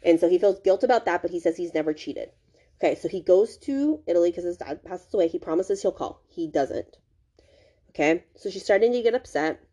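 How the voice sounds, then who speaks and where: Woman, podcast host, casual book recap, rambling, lots of "like" and "um", restarts, slightly low voice. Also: animated, a little fast, warm tone. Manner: rambling, heavy use of "like" and "um", frequent restarts.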